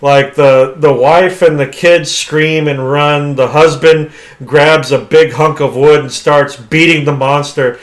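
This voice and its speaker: A man co-hosting a casual movie podcast with a fairly high voice. He retells the story in a loose, rambling way, full of "like" and restarts. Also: fairly even intonation, takes it slowly. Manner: rambling retelling, heavy use of "like". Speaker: podcast co-host.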